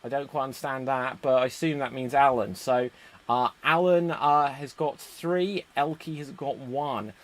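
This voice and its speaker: An English man hosting a live-streamed improv comedy show, brisk and upbeat as he reads out audience votes. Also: medium pitch, fairly even intonation. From England.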